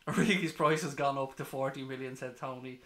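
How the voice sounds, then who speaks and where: A man streaming a live football watchalong, ecstatic and swearing, reading chat messages aloud, hoarse from screaming. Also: mid-range voice, fairly even intonation, normal speed, fairly bright tone, roomy sound.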